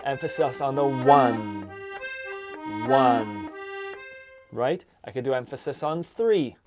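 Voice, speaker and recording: A man teaching an accordion lesson, explaining chords and counting beats in a relaxed way. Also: mid-range voice, moderate pace. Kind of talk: music lesson. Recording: accordion music loud in background. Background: accordion playing.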